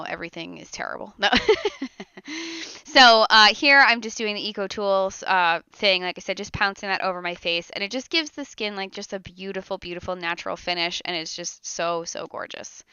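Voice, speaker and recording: A woman's voice: on the low side, brisk, few pauses, pushed and bright, smooth, dry recording. A young woman doing a casual makeup tutorial voiceover while sick. She sounds a little nasal and rambles with fillers and giggles. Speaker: beauty vlogger. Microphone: close voiceover mic.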